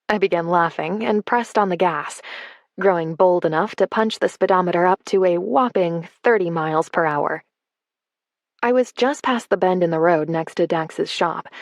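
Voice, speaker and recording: A woman's voice: fairly low pitch, a little mellow, no echo. A woman narrating a romance audiobook in the first person, in a wry storytelling manner on a close mic.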